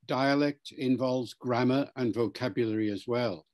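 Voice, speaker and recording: Measured man explaining like a lecturer. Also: mid-range voice, darkish tone. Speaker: interviewed language expert. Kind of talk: explanatory interview answer.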